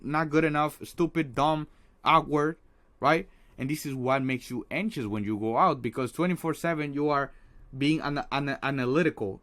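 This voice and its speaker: A man giving a casual motivational talk on social anxiety, earnest, with many restarts and a habit of asking "right?". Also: medium pitch. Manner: earnest, repeats words, tags lines with "right?"; acts out a harsh inner critic in quoted asides.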